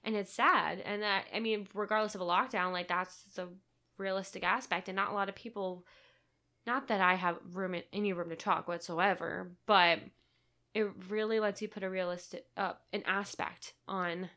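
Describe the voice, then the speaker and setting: Bright, chatty young woman. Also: mid-range voice, steady tone, moderate pace. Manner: rambling, chatty, self-deprecating. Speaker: podcast co-host. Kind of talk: casual chat.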